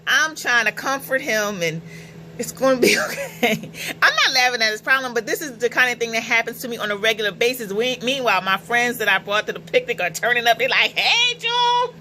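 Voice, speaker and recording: A middle-aged woman tells personal stories straight to camera in a chatty, animated way, laughing as she goes. Her voice is bright and forward. Faint noise sits under the recording. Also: on the high side, fast, hardly any pauses, rough recording. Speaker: vlogger. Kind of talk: casual storytelling vlog.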